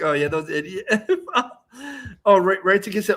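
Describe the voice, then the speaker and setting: A man's voice: high-pitched, a little slow, a bit bright. A man chatting on a livestream, mocking critics, agreeing with his co-host and swearing. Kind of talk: casual livestream chat.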